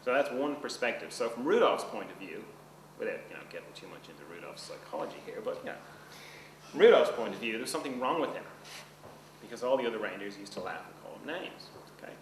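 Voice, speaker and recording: A man teaches a seminar in a casual, chatty way, often asking his class if they follow. He is recorded from a distance in a roomy hall, and steady background noise runs under his voice. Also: mid-range voice, fast talker. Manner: conversational, checks in with the class often. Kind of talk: seminar lecture. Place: seminar room.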